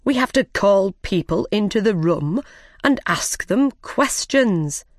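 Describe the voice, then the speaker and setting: A woman voicing a fussy, officious male rabbit who acts as herald, speaking loudly and slowly as if declaiming. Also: medium pitch, animated, no room sound, studio quality. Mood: proclaiming. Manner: loud, slow and declaiming.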